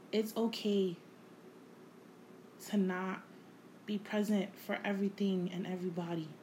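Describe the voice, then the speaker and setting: A woman hosting her own podcast, talking without a script in a reflective, halting way, repeating phrases and swearing casually. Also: medium pitch, dark tone, a little hiss or hum, poor audio. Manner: emotional, candid, casual swearing. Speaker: podcast host. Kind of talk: unscripted personal monologue.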